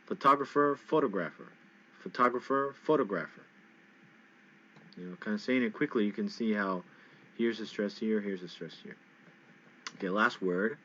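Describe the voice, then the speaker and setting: A man's voice: fairly low pitch, steady tone, normal speed, fairly bright tone, slight background noise. A man teaching English pronunciation in a casual lesson, patiently repeating words for learners. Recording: dull lo-fi sound.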